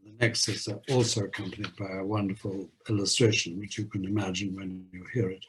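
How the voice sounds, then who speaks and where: A man lecturing on poetry at a university, hesitant, with many filler pauses. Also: sits low, level tone, husky, low-quality recording. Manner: reads verse aloud in a measured rhythm.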